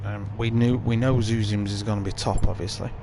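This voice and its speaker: A man giving live commentary on an online racing event in a casual, chatty way. His voice jumps up when the action gets exciting. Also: lowish voice, brisk, background noise.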